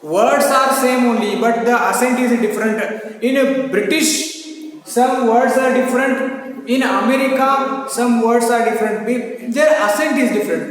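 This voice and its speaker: Male teacher, slow deliberate pace, repeats phrases, echoey hall, far from mic. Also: extremely high pitch. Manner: repetitive, explanatory, asks and answers his own questions. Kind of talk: classroom English lesson.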